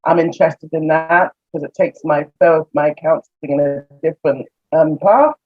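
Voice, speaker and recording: A woman's voice: low voice, moderate pace. A woman from England with an English accent, a counselor chatting as an interview guest, laughing often and acting out conversations. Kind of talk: casual video-call interview. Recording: muffled lo-fi audio.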